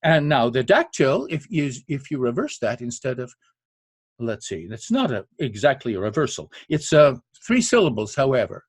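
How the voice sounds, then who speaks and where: A man's voice: medium pitch, big pitch swings, moderate pace, breathy edge, no room sound. Enthusiastic man lecturing on poetic rhythm. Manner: enthusiastic, scats rhythms aloud with many uhs. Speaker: poetry podcast host. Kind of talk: spoken lecture on poetic meter.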